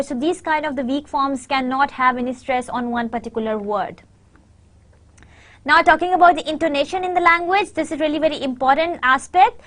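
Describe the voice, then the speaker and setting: A high-pitched woman lectures in English, though her first language is Urdu. She often pauses on "uh" and stretches out her example sentences slowly, one word at a time. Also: fairly bright tone. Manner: many fillers, reads out example sentences slowly. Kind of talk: university lecture.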